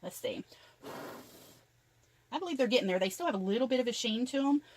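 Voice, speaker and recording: A woman's voice: on the high side, expressive, fairly quick, noisy background. An older woman chattily narrating each step of a craft tutorial as she works. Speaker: craft vlogger.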